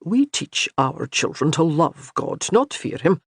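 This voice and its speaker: A man reading as a kindly old Highland priest who reassures with light humor. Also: big pitch swings, unhurried, vocal fry, husky, no echo, clean studio sound, exaggerated voice. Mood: reassuring.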